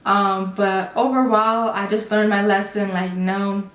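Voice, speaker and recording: A young adult woman telling a personal story in casual chat, animated and full of "like" and restarts. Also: mid-range voice, a little slow. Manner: animated, repeats herself, lots of "like". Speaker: vlogger. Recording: echoey room, mic at a distance.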